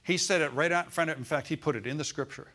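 A man's voice: fairly high pitch, quick pace, pushed and bright. An older man preaching a sermon in a folksy, rambling way, climbing to emphatic declarations when he quotes scripture.

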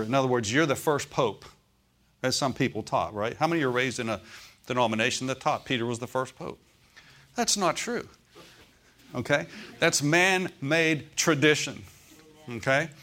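A man preaching a sermon to his church, who stresses key phrases slowly and often asks the congregation for an amen. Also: medium pitch, fairly bright tone. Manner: preacherly, calls for amens, slows on key phrases. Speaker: pastor.

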